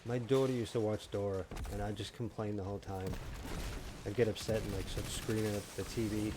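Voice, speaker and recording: A man in his thirties chatting casually and rambling with jokes while he live-streams a game, now and then breaking into loud mocking shouts. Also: on the low side, steady tone, brisk, background noise. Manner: rambling, jokey, shouts in bursts when mocking. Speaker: gaming streamer. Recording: game gunfire audible in background. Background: game gunfire and explosions.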